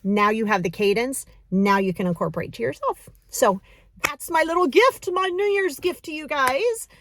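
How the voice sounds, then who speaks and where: A woman coaching a breathing exercise in a casual, encouraging, chatty way, counting slowly. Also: sits high, animated, fairly bright tone. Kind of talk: casual guided breathing lesson.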